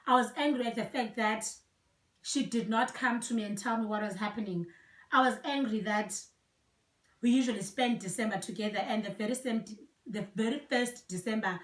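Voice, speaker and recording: Young Xhosa-accented woman, slightly high voice, earnest and reflective personal storytelling, recorded from a distance in a roomy space. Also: fairly bright tone. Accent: South African, Xhosa. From South Africa. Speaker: vlogger. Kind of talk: personal storytelling, code-switching. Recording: echoey room, voice from a distance.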